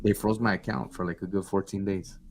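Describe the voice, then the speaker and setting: A young man telling stories in casual podcast chat, swearing freely and jumping into high voices for the people he quotes. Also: fairly even intonation, brisk, a little mellow. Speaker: podcast co-host.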